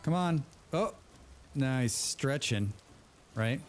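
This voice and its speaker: A medium-pitched man speaks slowly but with animation, against slight background noise. Hosting a relaxed let's play, he chats with his friends in a rambling, playful manner, often echoing his own words.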